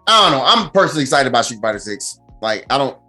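A man hosting a podcast in casual chat, animated and profane, laughing often. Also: medium pitch, fast, soft background music. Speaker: podcast host.

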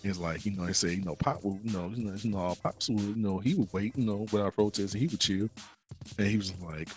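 A man's voice: lowish voice, fast talker, faint music behind. A man co-hosting a podcast, casually retelling a game's story in slangy talk and acting out the characters' lines. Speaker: podcast co-host.

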